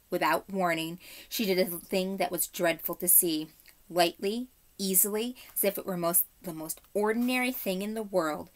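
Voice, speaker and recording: A woman teacher reading a storybook aloud to her class in a measured, expressive way. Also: on the low side.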